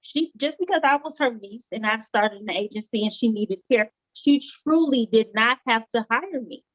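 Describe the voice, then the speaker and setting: Guest: earnest high-voiced woman, repeats lines for emphasis, dry close sound. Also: moderate pace, a bit bright, dry recording, muffled recording. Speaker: homecare business owner, guest. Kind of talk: casual live interview chat.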